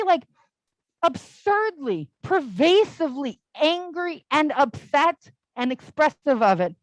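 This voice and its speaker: Lively, high-voiced woman giving a sermon. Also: no echo, poor audio. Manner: casual, storytelling, with frequent "like" fillers. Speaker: speaker at a church service. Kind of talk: conversational all-ages sermon.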